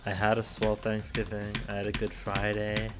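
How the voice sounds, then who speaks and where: A man's voice: on the low side, monotone, normal speed, background noise. A young man hosting his own show in a casual solo monologue, rambling and self-deprecating with many restarts, a little out of breath. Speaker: host.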